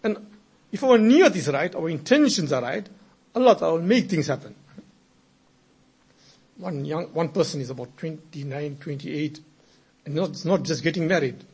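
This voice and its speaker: Very husky man preaching a story sermon. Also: fairly high pitch, animated, normal speed, pauses often. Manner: moves from quiet narration to emphatic, raised exhortation.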